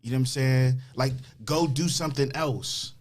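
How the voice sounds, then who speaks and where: A man's voice: medium pitch, moderate pace. A man in his twenties talking on a casual podcast, driving his points home by repeating them for emphasis. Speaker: podcast co-host.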